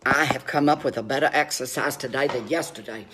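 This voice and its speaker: A man's voice: mid-range voice, brisk, noisy background. A man telling campy, chatty stories to camera from home, swearing freely. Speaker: vlogger in lockdown. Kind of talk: casual storytelling to camera. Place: at home during lockdown.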